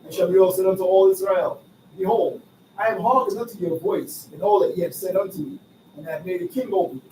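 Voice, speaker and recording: A man reading old-fashioned scripture verses aloud in a steady, formal way. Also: high-pitched, a little fast. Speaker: scripture reader. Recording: roomy echo, far from mic, faint noise.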